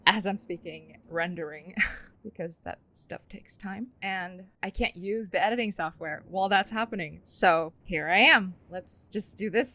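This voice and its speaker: A woman playing a story game, chatting casually and reading its second-person narration aloud in a hushed tone, with self-mocking asides. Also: on the low side. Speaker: let's play streamer.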